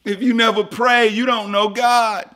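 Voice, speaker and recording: A pastor preaching to his church in a high, ringing voice. He drops to near-whispers, then surges into loud, repeated lines to drive each point home. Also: level tone, unhurried. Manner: swings from hushed to loud and preachy; repeats lines with rising emphasis. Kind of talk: sermon.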